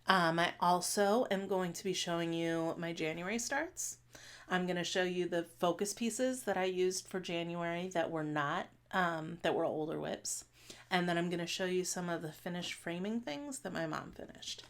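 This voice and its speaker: A woman in her late thirties chatting casually to camera as a stitching vlogger, rambling with many fillers and restarts. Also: fairly low pitch. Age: 30s. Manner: talks fast at times.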